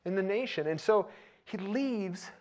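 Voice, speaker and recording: A man preaching a sermon in a conversational way, turning animated and loud when he retells scenes. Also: high-pitched, unhurried, muffled recording.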